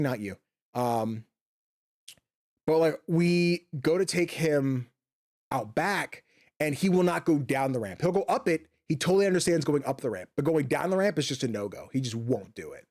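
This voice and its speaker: A man's voice: on the high side, lively intonation, moderate pace, a little mellow. A man streaming a video game from his home office, chatting casually, rambling and swearing, with lots of fillers and restarts. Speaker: gaming streamer.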